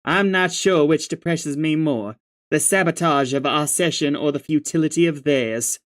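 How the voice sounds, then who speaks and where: A reader voicing a prim, formal young female troll who speaks in a measured, genteel way. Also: mid-range voice, natural voice. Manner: measured, genteel, says "I do declare".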